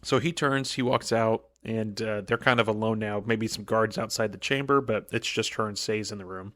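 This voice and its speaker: A man's voice: on the low side, moderate pace, a bit bright. A man co-hosting a book podcast, retelling the chapter in casual chat and briefly acting out the characters' lines. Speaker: podcast co-host.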